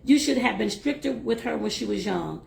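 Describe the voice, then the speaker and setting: A stern, blunt old uncle hands down judgments, read by a woman. The voice is gravelly and lowered, and it echoes in a bare room. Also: expressive, moderate pace, a little mellow.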